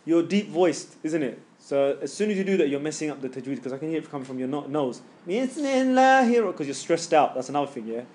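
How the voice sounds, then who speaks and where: A man's voice: on the high side, quick pace, hardly any pauses, dark tone, slight background noise. A middle-aged man, casually coaching students on recitation in a class and demonstrating the sounds himself. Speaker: Quran recitation teacher. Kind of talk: live tajweed class coaching.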